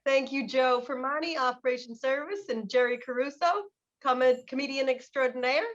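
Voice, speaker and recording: An upbeat woman hosting a local interview show. Her voice sits high, and the recording is dull and lo-fi. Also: normal speed, fairly bright tone. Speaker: host. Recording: dull lo-fi sound.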